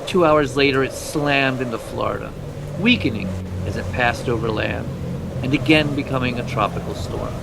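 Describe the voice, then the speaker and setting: A man's voice: mid-range voice, creaky, noisy background. A man co-hosting a podcast, reading scripted true-crime narration with casual asides. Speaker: podcast co-host.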